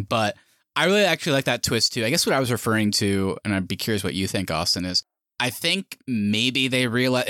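A man hosts a casual movie podcast, his pitch rising and falling with a lot of life. The sound is close and dry, with no room around it. He talks in quick, joking asides. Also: no room sound. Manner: lively, animated, quick asides and joking put-on voices. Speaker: podcast host.

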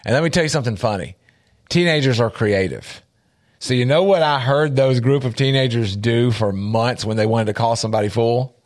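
A man's voice: mid-range voice, brisk. A man teaching a Bible lesson on a talk show, earnest and repeating his points for emphasis.

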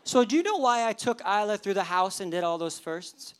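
A male pastor in his thirties delivers a lively sermon. He moves between plain teaching and playful storytelling, acting out the stray thoughts of people in the pews. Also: sits high, brisk, clear, resonant tone. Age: 30s. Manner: animated storytelling, acting out worshippers' inner thoughts with humor.

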